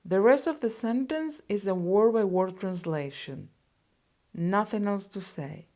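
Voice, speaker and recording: A woman teaching phrases, explaining each one slowly and with care. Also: mid-range voice, expressive, a little mellow. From Spain. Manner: slow and deliberate, explaining phrases and conjugations. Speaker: Spanish teacher. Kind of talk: scripted language lesson.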